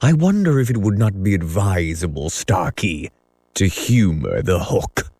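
A man's voice: low voice, expressive, a little slow, darkish tone, husky, no room sound, full character voice. A man voicing a villainous pirate captain in an audiobook reading, courteous yet menacing, with a purring, steely manner.

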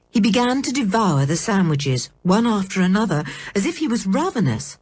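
A woman narrating a children's storybook aloud in an expressive, animated reading style. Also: low voice, normal speed, slightly rough. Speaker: audiobook narrator.

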